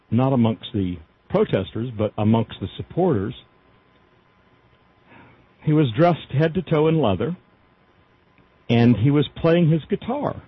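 Male host, mid pitch, husky, chatty news reader with fillers, muffled lo-fi sound. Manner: reads articles aloud with frequent fillers and asides. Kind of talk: casual news commentary. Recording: dull lo-fi audio.

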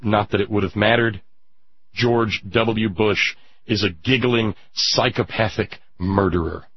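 A man delivering an impassioned political monologue as a radio commentator, indignant, with drawn-out emphatic pauses. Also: lowish voice, fairly even intonation, muffled recording.

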